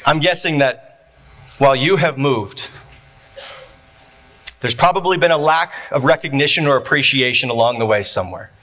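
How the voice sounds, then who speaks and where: A man preaching a sermon to his congregation, building points through repeated phrases and dramatic pauses. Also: medium pitch, sharp tone. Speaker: pastor. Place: church.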